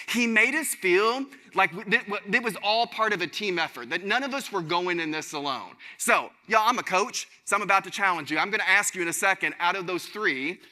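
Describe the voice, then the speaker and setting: A man giving an energetic keynote speech on a conference stage, talking straight to his audience. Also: sits high. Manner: animated, addresses audience directly as y'all. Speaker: keynote speaker. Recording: large hall reverb.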